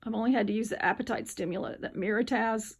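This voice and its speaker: A woman's voice: on the high side, quick pace, breathy edge. A tired woman, just up from a nap, rambling chattily at home in a casual vlog. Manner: rambling, chatty, drifts between topics. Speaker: vlogger. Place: home, indoors.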